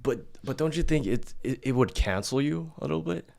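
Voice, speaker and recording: A man's voice: mid-range voice, animated, brisk, gravelly, a little mellow. A man hosting a podcast who questions his guest bluntly and skeptically, swearing freely. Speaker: podcast host. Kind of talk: casual interview questioning.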